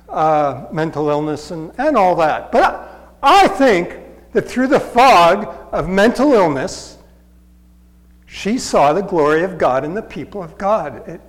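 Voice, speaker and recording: A man preaching a storytelling sermon in a conversational, halting way. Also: high-pitched, in a large hall, rough recording. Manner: conversational, halting, with fillers and restarts.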